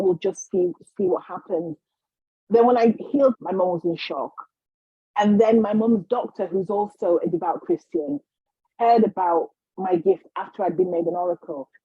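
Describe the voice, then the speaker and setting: A woman guest, a healer, telling her story in a casual, animated way, acting out the voices of others. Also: lowish voice, slightly rough, no echo, phone-quality sound. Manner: animated, acts out quotes, frequent restarts.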